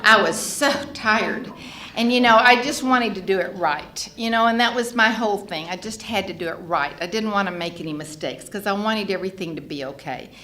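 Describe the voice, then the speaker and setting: An older woman telling her personal recovery story in an animated way, laughing often as she speaks. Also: mid-range voice, fairly quick, a little hiss or hum. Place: meeting hall. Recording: echoey hall, faint ambience.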